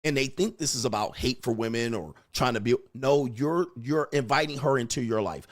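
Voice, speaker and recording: A man's voice: medium pitch, normal speed, hardly any pauses. A man lecturing on dating in a blunt, emphatic way, swearing and acting out quoted exchanges. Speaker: dating advice host. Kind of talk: lecturing monologue.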